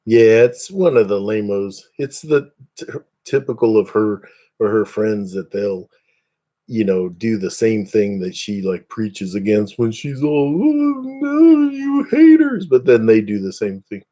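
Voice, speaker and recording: A man's voice: lowish voice, unhurried, dark tone. A man hosting a casual livestream, chatting with viewers in a rambling, self-deprecating, joking way. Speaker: livestream host. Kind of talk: casual chat with live viewers.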